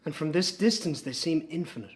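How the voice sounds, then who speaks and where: In an audio drama, a young adult actor with an Irish accent plays a young man, her lost twin, delivering a hushed, brooding monologue. His natural voice sits on the high side, brisk and with lively intonation.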